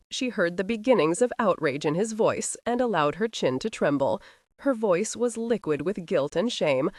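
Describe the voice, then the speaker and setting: A woman narrating an audiobook in an expressive storytelling manner. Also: lowish voice, measured pace, no room sound, studio quality. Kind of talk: scripted narration.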